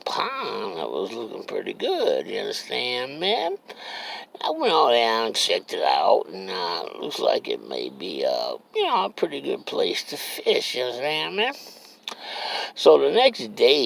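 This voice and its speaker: A man's voice: sits low, gravelly, fairly bright tone. A man with a Cajun accent telling a rambling, profane story, drawling and often checking that he is understood. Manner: rambling, drawling, keeps asking "you understand me". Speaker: comedic storyteller. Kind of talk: casual profane storytelling monologue.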